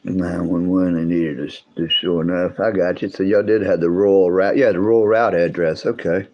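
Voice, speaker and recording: Low-voiced rambling man. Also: fairly even intonation, normal speed, muffled recording. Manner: rambling, drawling, restarts sentences often. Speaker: livestream host. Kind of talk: casual chat with live chat viewers.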